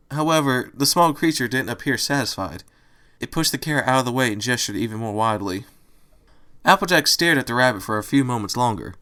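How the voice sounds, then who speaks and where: A man reading a fan fiction story aloud in a steady storytelling manner. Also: mid-range voice. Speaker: storybook reader.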